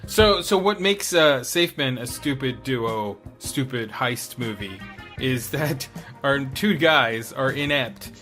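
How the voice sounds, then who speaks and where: A man co-hosting a casual movie podcast, relaxed as he recaps plots and laughs along. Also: mid-range voice, takes it slowly, soft background music. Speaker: podcast co-host.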